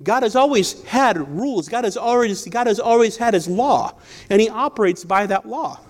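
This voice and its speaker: With a voice that sits high and sounds animated, this man preaches at a normal pace, telling personal stories conversationally. He often corrects himself and begins sentences again.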